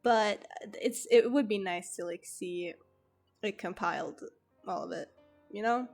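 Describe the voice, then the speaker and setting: A woman's voice: mid-range voice, measured pace, creaky, a little mellow, faint music behind. A young woman streamer with a slight lisp from a retainer, chatting casually and rambling through a storytime, swearing freely.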